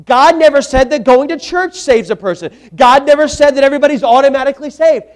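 A man's voice: extremely high pitch, quick pace. A man preaching a sermon, emphatic, repeating words for stress and putting questions to the congregation.

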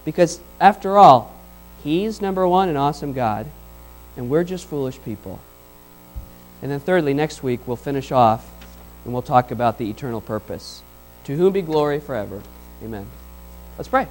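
A man preaching a sermon as pastor, conversational and animated, slipping into the voices of the people in his stories. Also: mid-range voice, normal speed, soft background music, poor audio.

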